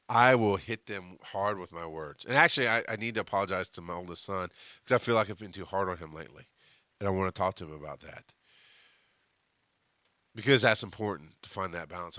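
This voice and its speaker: A middle-aged man talks through his solo podcast in a lowish, bright and forceful voice. He swears freely and swings from hushed asides to loud bursts. The sound is dry and close. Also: no echo. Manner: emphatic, swears freely, big swings between quiet and loud. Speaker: podcast host.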